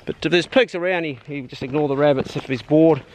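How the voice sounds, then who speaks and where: Give me a man with a voice pitched a little high, giving casual commentary outdoors on a farm. He speaks bluntly, swears freely and talks to his dog as he goes. Faint outdoor noise sits behind him. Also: fairly quick. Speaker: hunting vlogger.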